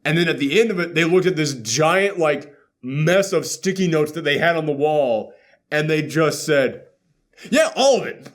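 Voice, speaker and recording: A man hosting a casual movie reaction chat, sarcastic and laughing often as he acts out scenes in quick voices. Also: fairly high pitch. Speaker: podcast host.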